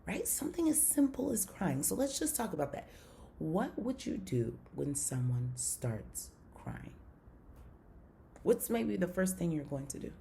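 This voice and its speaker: Low, gravelly-voiced woman teaching a video lesson. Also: big pitch swings, a little slow, warm tone, a little hiss or hum. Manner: repeats herself, checks in with "right?"; refers to herself in the third person. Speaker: online course teacher.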